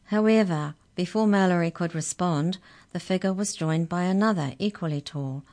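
A woman reading a children's story aloud as narrator, clear and expressive. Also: lowish voice, moderate pace.

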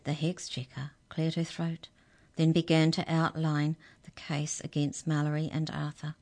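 A woman reading a children's story aloud as a storyteller, with clear, expressive narration. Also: sits low, unhurried.

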